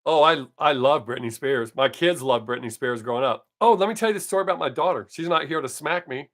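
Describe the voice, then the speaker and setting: Rambling through crude jokes on his live stream, this comic in his fifties has a mid-range, a bit bright voice carrying a slight scratch. His casual chat moves a little fast.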